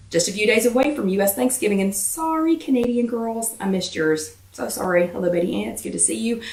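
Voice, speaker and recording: Fast-talking Southern woman hosting a chat. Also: mid-range voice, echoey room, recorded from a distance. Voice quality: slightly irritated voice. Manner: fast-talking, chatty, greets many viewers by name. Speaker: host of a live weight-loss chat. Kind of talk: casual livestream chat greeting viewers.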